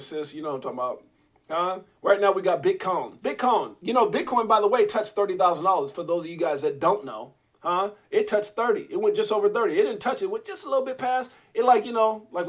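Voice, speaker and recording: High-voiced excitable man hosting a livestream. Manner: excitable, joking, talks straight to the chat. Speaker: crypto livestream host. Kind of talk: casual live-stream chat.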